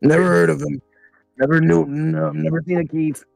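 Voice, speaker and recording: A man's voice: a little high, flat delivery, moderate pace, creaky, darkish tone, dry recording, faint music behind. A man playing in a tabletop game, talking bluntly and tough. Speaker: player. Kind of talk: in-character tabletop play.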